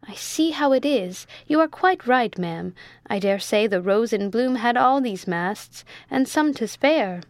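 A woman's voice: a little high, lively intonation, unhurried, no room sound. A woman reading a story aloud, voicing a meek young male ship's mate who stammers politely.

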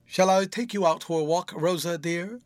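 A man's voice: moderate pace, dry recording, natural voice. A man voicing an impatient, sulky young engaged man who talks in a grumbling, clipped way. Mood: grumbling, teasing. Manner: grumbling, slightly lower and clipped.

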